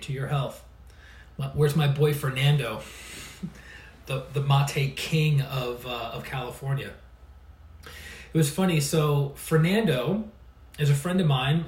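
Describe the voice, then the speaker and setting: A man working as an energy healer and coach, telling stories in casual livestream chat and laughing often. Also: fairly high pitch. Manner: chatty, laughs often, restarts phrases. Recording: roomy sound, mic at a distance.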